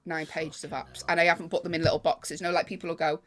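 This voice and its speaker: Lowish-voiced woman telling stories. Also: fast talker, a crowd in the background. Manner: lively anecdote-telling, acts out other people. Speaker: podcast co-host, comedian. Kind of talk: casual storytelling chat.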